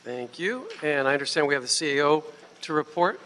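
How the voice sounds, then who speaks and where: A man's voice: a little high, lively intonation, a little fast, sharp tone, slight background noise. Formal male committee chair, echoing chamber. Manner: formal, procedural. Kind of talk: chairing a council meeting. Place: city council chamber. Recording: reverberant council chamber with faint ambience.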